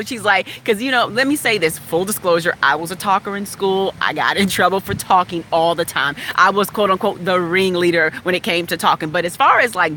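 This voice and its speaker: A woman from West Virginia frankly telling a personal story in a chatty, animated way. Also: medium pitch, a little hiss or hum. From West Virginia, USA. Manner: frank, animated, chatty, laughs now and then.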